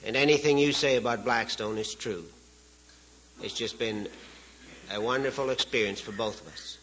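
A man's voice: mid-range voice, normal speed, a bit bright, low-quality recording. A man from Saskatchewan, giving a speech as a guest speaker in a folksy, joking way and chuckling at his own stories. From Canada, Saskatchewan. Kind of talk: storytelling speech to an audience.

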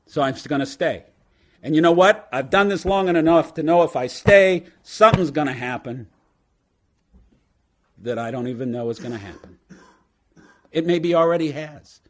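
Man with a fairly high, punchy voice. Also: moderate pace, pauses often. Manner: punchy, joking, turning earnest. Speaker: speaker sharing his story at a recovery meeting. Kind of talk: humorous storytelling talk. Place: lives in New York.

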